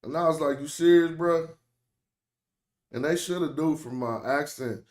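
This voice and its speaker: A man's voice: fairly high pitch, fairly quick. A young American man with an African American accent, streaming casual, joking commentary in loose slang. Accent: African American English. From United States. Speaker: streamer host.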